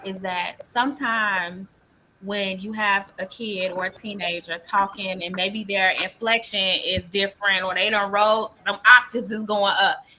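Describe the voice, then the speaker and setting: A woman speaking as a parent in a casual discussion, animated and expressive as she tells stories. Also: medium pitch, a little slow, a little hiss or hum, rough recording. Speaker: parent panelist.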